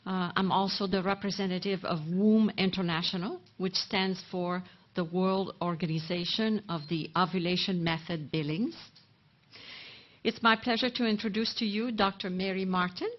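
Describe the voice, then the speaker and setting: A woman introducing the next speaker at a conference, polite and measured. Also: medium pitch, fairly even intonation. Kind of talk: formal introduction. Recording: dull muffled audio.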